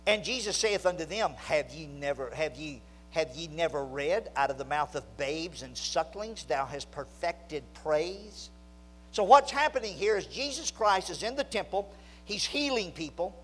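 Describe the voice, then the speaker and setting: A man preaching a sermon, telling a story that swings from loud excitement to low, hushed emphasis. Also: rough recording.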